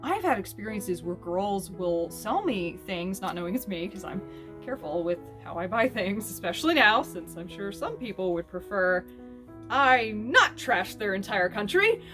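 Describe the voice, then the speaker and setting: A woman chatting casually to camera as a fashion vlogger, animated and snarky, laughing often. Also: mid-range voice, moderate pace, over music.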